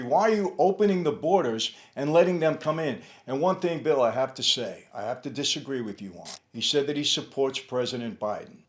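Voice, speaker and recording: A man giving opinion commentary, speaking emphatically and repeating his points, often talking straight to the person he is reacting to. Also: fairly high pitch. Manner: addresses the absent host directly.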